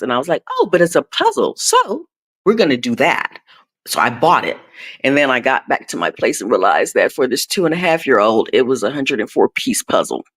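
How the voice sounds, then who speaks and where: An older woman chatting casually in a live stream, telling a rambling story full of digressions and acted-out quotes. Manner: rambling, digressive, acts out quotes with rising pitch. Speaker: traveling pet sitter, guest.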